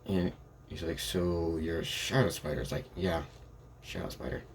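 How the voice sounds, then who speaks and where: Low-voiced young man rambling through a fan story. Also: steady tone, moderate pace, slight background noise. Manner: rambling, restarts, keeps quoting lines with "it's like". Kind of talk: improvised fan story narration.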